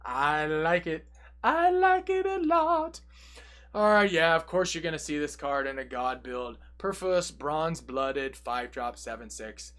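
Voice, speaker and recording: A young man casually walking through a card game deck, reading each card's text aloud and adding quick, jokey asides. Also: fairly high pitch, a bit bright. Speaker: deck tech presenter.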